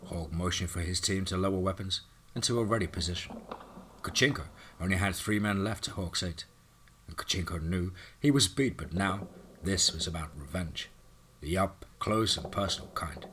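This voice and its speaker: A man's voice: low-pitched, moderate pace, pushed and bright, slight background noise. A man narrating a scripted action horror story in a dramatic reading.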